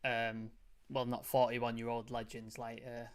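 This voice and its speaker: Man, football chat host, monotone, filler-heavy, middle pitch. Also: measured pace. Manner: loose and chatty, many fillers, reads chat messages. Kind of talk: casual football review chat.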